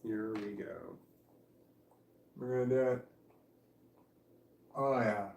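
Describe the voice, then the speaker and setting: A man's voice: on the low side, slow pace, creaky, darkish tone. A middle-aged man telling a rambling story in a casual vlog, often breaking into laughter mid-sentence. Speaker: vlogger. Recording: echoey room.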